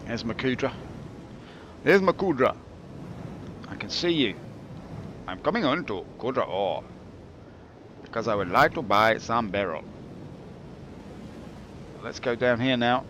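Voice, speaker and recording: A man's voice: medium pitch, animated, measured pace, pauses often, lo-fi sound, background noise. A man giving rambling, jokey commentary over his gameplay, drifting into mock-philosophical musings. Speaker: game streamer.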